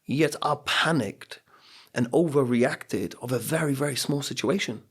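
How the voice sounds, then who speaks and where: A man's voice: medium pitch, a little slow, a bit bright, breathy edge. A middle-aged man, a coach and speaker, telling personal stories on a podcast in an earnest, motivational way. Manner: earnest, motivational, acts out quotes. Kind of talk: reflective podcast storytelling.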